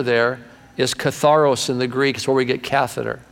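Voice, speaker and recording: A man's voice: mid-range voice, normal speed, gravelly. Folksy preaching man in a reverberant church. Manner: folksy, animated preaching with acted-out voices. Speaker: pastor. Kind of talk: sermon. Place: church sanctuary. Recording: long reverb of a large hall.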